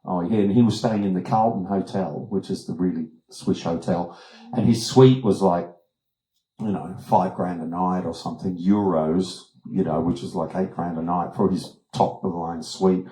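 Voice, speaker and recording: An older Australian man gives a talk made of anecdotes, animated and full of acted-out voices. His speaking voice is fairly low. The sound is roomy and echoing. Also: normal speed. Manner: animated storyteller, acts out voices. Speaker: guest speaker. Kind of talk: anecdotal presentation. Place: wellness retreat room. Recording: echoey room.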